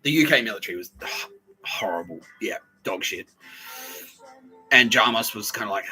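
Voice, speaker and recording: A man with a very bright, forceful voice rambles through a comic monologue. He laughs often and slips into the voices of the people he quotes. Faint music sits behind him. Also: on the low side, expressive, moderate pace, long pauses, low-quality recording. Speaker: podcast host.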